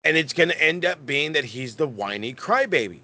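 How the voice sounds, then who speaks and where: A man's voice: fairly high pitch, expressive, normal speed, sharp tone. A man co-hosting a casual wrestling podcast, rambling and swearing with lots of stammered restarts. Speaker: podcast co-host.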